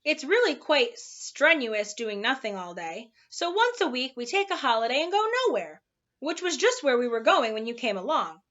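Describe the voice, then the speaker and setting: Lazy, drowsy storybook townsfolk, as a woman reader puts them on, droning through their idle day in a sing-song. The voice is bright and a little high, and the recording sounds dull. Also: sing-song, moderate pace.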